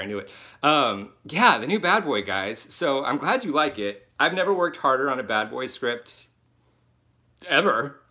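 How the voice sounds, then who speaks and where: A young man hosting his first live stream from his phone, chatty and excitable, laughing often as he reads out viewer comments. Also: medium pitch. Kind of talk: casual live-stream chat.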